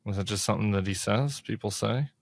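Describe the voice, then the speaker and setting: Podcast host, man in his 40s, low-ish dry voice, chatty and upbeat, full of "like". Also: quick pace, gravelly, no echo. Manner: chatty, upbeat, uses lots of "like", jumps pitch when animated. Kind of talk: casual political chat.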